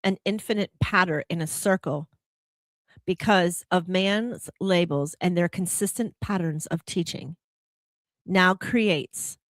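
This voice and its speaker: A woman's voice: lowish voice, no echo, studio quality. A woman hosting a reflective spiritual talk show, who often puts rhetorical questions to the listener. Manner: animated, laughing when telling about herself. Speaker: podcast host.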